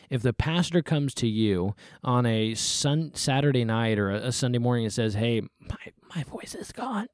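Man, pastor, folksy sermon-style talk, acts out quotes, middle pitch, dry studio sound. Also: darkish tone, dry recording.

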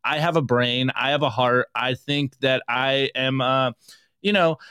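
A man's voice: medium pitch, fairly even intonation, unhurried, sharp tone, smooth, dry recording, studio quality. A man co-hosting a podcast, talking casually and emphatically, with frequent restarts and an indignant edge. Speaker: podcast co-host. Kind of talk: casual opinion chat.

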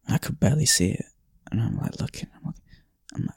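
A man's voice: lowish voice, expressive, fast, creaky, hardly any pauses, husky, dry recording, studio quality. A man hosting a podcast, telling a story in a reflective, casual way with frequent sighs and fillers. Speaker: podcast host. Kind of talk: casual storytelling and reading aloud.

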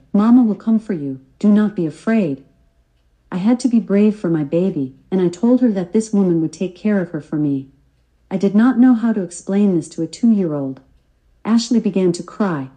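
A woman's voice: medium pitch, dark tone, poor audio. An older woman reading her own memoir aloud in an earnest, devout testimonial manner. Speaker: memoir author and narrator.

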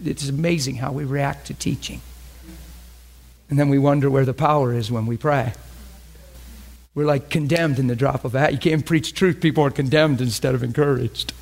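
A man's voice: mid-range voice, gravelly, darkish tone. A man preaching in a conversational, emphatic way, often repeating phrases as he teaches. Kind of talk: sermon teaching.

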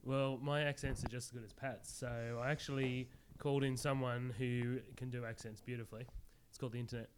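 A man's voice: medium pitch, little pitch movement, brisk. Dry teasing man in chat, light hiss. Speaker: podcast co-host. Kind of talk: casual chat.

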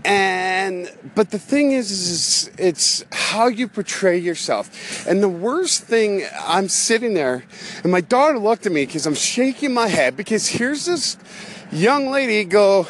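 A man's voice: sits high, sing-song, measured pace, fairly bright tone, slight background noise. A man who is a pastor, ranting casually and rambling, slightly out of breath as he walks outdoors. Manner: rambling, loses his train of thought, laughs between phrases. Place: walking outdoors.

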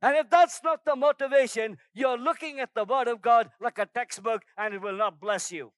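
High-voiced man preaching with force. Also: normal speed, fairly bright tone, no echo, low-quality recording. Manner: emphatic, exhorting, repeats phrases for force. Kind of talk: sermon.

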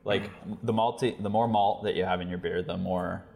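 A man's voice: low-pitched, steady tone, normal speed, vocal fry, darkish tone, big-room sound. A man co-hosting a casual chat, explaining things in an easygoing way. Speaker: podcast co-host.

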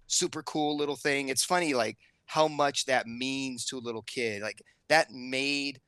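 A middle-aged man tells a story on a casual podcast, his voice bright and forceful. He jumps up in pitch to play the other people in his story. The sound is close and dry. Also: clean tone, no room sound. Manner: animated storyteller, acts out quotes with raised pitch. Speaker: podcast co-host. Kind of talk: casual chat.

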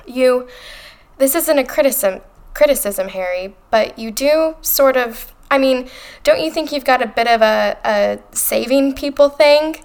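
A woman reading aloud as an anxious teenage witch girl, earnest and hurried. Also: sits high, smooth, voice pushed up. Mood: worried pleading.

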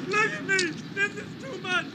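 Film clip: high-pitched hustler spinning tall tales, busy street noise around him. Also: male voice, pushed and bright, a faint crowd, full character voice. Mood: ecstatic. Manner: fast, rambling, made-up boasting. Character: street con man faking a blind legless veteran.

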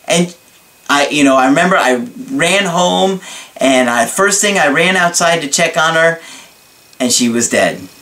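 A man from New York telling a personal story to his viewers in an earnest, reflective and halting way. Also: fairly high pitch, expressive, pushed and bright. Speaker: relationship video creator. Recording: voice somewhat far from mic.

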